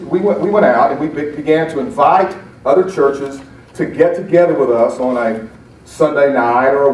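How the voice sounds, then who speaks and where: A middle-aged man from Alabama giving an animated, self-deprecating storytelling talk to a conference audience. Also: fairly high pitch, far from the mic, a little hiss or hum. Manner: animated, self-deprecating, acts out quoted voices. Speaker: motivational speaker. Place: conference breakout room. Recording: echoey hall, speaker off-mic.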